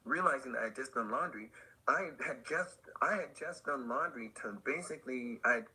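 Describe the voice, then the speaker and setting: Husky, bright-voiced man telling a story. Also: normal speed, low-quality recording. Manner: acts out quoted voices, swinging high and low; laid-back slangy talk with laughs. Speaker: podcast guest, skateboarder. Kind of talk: animated storytelling.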